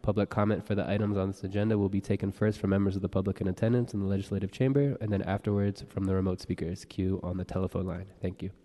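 A man working as a board clerk, calling the roll and reading meeting announcements in a brisk, procedural way. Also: low-pitched, little pitch movement, mellow. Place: large legislative chamber. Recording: reverberant council chamber.

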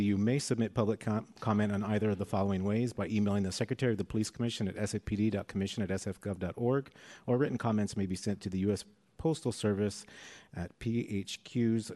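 A man presiding over public comment at a city meeting reads rules and announcements at a quick clip. His voice is somewhat low and mellow, and his delivery is brisk and businesslike. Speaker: commission official running public comment. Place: city commission meeting hall.

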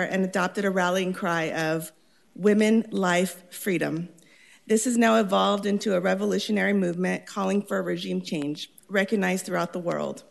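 A councilwoman reads a formal statement at a steady, measured pace. Her voice has a gravelly fry, and she sits at middle pitch. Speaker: council member. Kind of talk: reading a prepared statement.

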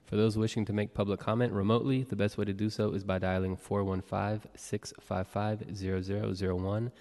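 A man with a fairly low voice reads a roll call and formal announcements as a meeting clerk, brisk and procedural. The room gives his voice a long reverb. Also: level tone, a little mellow. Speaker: board clerk. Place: city hall legislative chamber. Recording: long reverb of a large chamber.

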